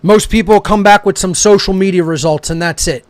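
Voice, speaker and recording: High-pitched man in a profane, angry rant. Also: a little fast, dry recording. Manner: heated, profane, confrontational. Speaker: talk show host. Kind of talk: angry ranting monologue.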